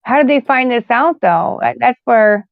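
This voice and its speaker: A woman's voice: a little high, moderate pace, vocal fry, dry recording, phone-quality sound. A woman in a casual group chat, talking chattily and calling the listeners guys. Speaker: podcast participant.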